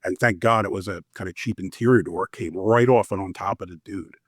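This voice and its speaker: Guy w a lowish voice telling old warrant job stories, laid back, lots of ums, dry sound. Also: fairly quick, no room sound. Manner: relaxed, anecdotal, lots of fillers. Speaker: former warrant investigator, guest. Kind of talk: casual interview storytelling.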